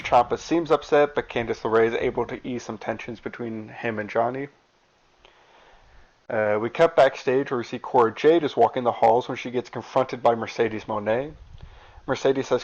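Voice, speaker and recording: A man casually narrating a recap of a wrestling video game season, with fillers. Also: medium pitch. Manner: plain reading with fillers. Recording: dull lo-fi recording.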